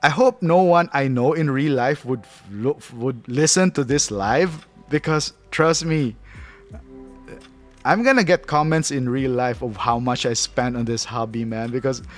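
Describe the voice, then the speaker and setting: A man's voice: medium pitch, unhurried, soft background music. A man from the Philippines, hosting a casual livestream, chatting loosely, reading chat aloud and laughing often. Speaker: livestream host.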